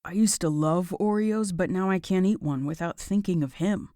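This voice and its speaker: A woman voicing a relaxed, teasing young male firefighter in a romance audiobook, dropping her voice a little. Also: lowish voice, moderate pace, no echo, studio quality, close to an everyday voice. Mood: amused.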